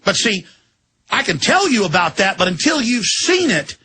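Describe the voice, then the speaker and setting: A man hosting a talk show, ranting erratically and suddenly exploding into shouts, speaking from a studio full of electronics. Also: high voice, very animated, normal speed, slight background noise.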